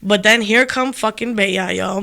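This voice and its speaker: A woman's voice: medium pitch, normal speed, vocal fry. A woman co-hosting a casual talk show, telling a story with lots of laughter and slang. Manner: animated, laughs often, slangy New York street talk. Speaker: podcast co-host.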